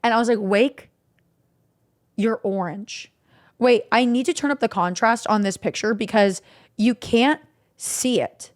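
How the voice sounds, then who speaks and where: A young woman streamer casually recapping stories to her chat, animated and swearing freely. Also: a little high, normal speed.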